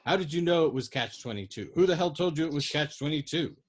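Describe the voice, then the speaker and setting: A man's voice: mid-range voice, animated, brisk, close to an everyday voice. A furious young soldier, voiced by a man reading aloud, who keeps pressing and demanding. His questions come out insistent and bitter in a storybook reading.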